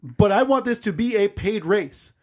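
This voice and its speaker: A man co-hosts a laid-back podcast, ribbing his friend with dry, deadpan jokes. His voice sits a little higher than most men's. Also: normal speed. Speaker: podcast co-host. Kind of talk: casual chat.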